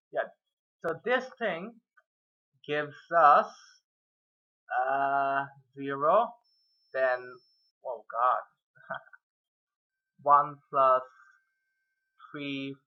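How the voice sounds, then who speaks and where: A man's voice: mid-range voice, extremely slow, long pauses, muffled recording. Rambling self-mocking man teaching math. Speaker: math tutor. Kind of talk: casual whiteboard math lesson.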